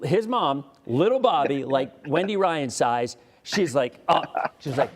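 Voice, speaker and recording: A somewhat high-voiced American man hosting a laid-back chat show. He rambles through stories full of restarts, chuckling as he goes, the easy talk of a local weather presenter. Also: lively intonation, unhurried. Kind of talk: casual interview chat.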